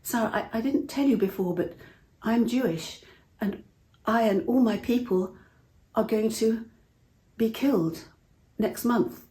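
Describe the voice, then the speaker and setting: A woman's voice: fairly high pitch, unhurried, long pauses, mellow, voice pushed up, natural voice. Woman playing a frightened young queen. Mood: pleading. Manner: hesitant, pleading, stammering. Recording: roomy echo.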